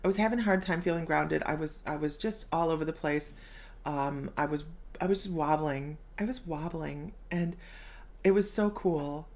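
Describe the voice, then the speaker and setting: A woman's voice: low-pitched, normal speed, darkish tone. A middle-aged woman hosting a casual live stream as a psychic medium, bubbly, laughing often and reading viewer comments aloud.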